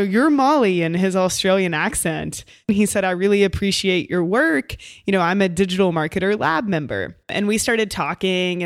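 A woman podcast co-host telling a story in a chatty, animated way, full of "like" and "you know". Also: fairly low pitch, dry recording, clean studio sound. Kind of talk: casual storytelling chat.

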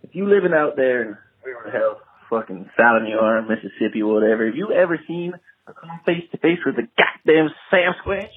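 A man from Canada leaving a loud, profane voicemail to a podcast. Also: mid-range voice, expressive, brisk. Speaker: caller. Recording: tinny phone line.

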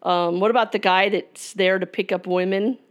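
Woman, casual chat, rambling, storytelling, mid pitch. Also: steady tone, moderate pace. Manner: rambling storyteller, tells jokes.

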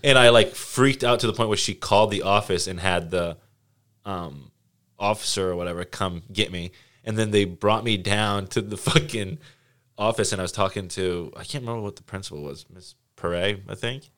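A young man with a lowish voice speaks at a moderate pace while hosting a podcast. He tells stories with lots of energy in casual conversation, swearing freely and acting out the lines he quotes.

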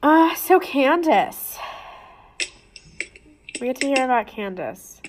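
A young woman speaks slowly and unhurriedly in a casual book chat, her voice sitting a bit high. She teases her co-host and laughs easily between points. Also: very animated. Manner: slow, laughing, teasing. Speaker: podcast co-host.

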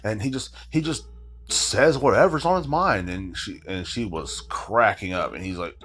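A man in his thirties with a very low voice tells a story on his podcast. He rambles loosely, stacking swear words and "you know what I'm saying" asides. He sounds tired. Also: animated, moderate pace, a bit bright. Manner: rambling, heavy swearing, frequent filler asides. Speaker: podcast host. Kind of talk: casual storytelling monologue.

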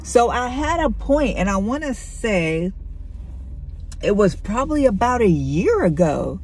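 A woman's voice: mid-range voice, very animated, unhurried, a little mellow, a little hiss or hum. A middle-aged woman speaking candidly and conversationally to her listeners, sharing a personal faith testimony. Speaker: Christian vlogger.

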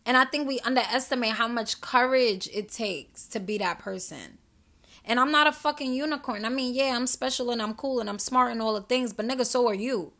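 Woman ranting on her podcast, gravelly, bright and kinda high. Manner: emphatic, profane, preachy, addresses listeners directly. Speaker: podcast host. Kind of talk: passionate solo podcast monologue.

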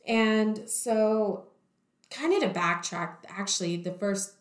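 A woman's voice: mid-range voice, slow. A woman telling her own story in conversation, candidly, with many "like" fillers. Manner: candid, heavy use of "like" fillers. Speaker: guest sharing her story. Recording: echoey room.

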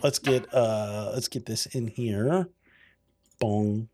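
A man's voice: lowish voice, slow pace. Rambling casual podcast host, a man. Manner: rambling, loose, plenty of restarts. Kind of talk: casual chat.

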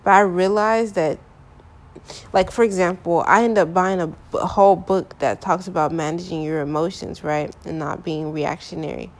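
A woman's voice: lowish voice, steady tone, normal speed. A young woman talking candidly about her relationships in a casual, frank monologue full of filler phrases.

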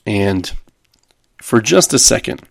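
A man's voice: fairly low pitch, sing-song, takes it slowly, creaky, no room sound, studio quality. A man hosting a podcast, casually retelling a TV episode in a rambling way, with frequent ums and restarts. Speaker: podcast host.

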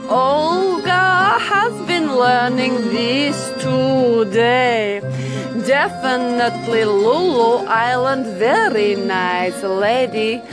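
A woman playing a brash, flirty Russian radio host with a mock Russian accent, theatrical and full of pet names. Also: on the high side. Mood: playful. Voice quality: theatrical, coos pet names, swoops between purring and shouting. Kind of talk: comic character radio show.

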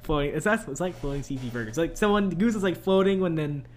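A young man co-hosting a podcast, chatting casually about a movie, animated and laughing often. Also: a little high, fast talker, slight background noise. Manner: animated, laughs often, quotes lines in funny voices. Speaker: podcast co-host. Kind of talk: casual movie review chat.

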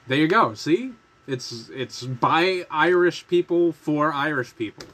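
A man's voice: a little high, animated, a little slow, a bit bright. A man hosting a podcast who jokes, swears and laughs through casual banter. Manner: joking, laughing, profane banter. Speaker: podcast host. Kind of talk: casual chat.

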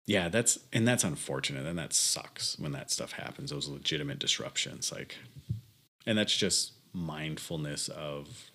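A man's voice: rumbling low, animated, a little slow, bright, forceful tone. A young man co-hosting a podcast in laid-back casual chat, laughing often and trailing into fillers. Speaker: podcast co-host.

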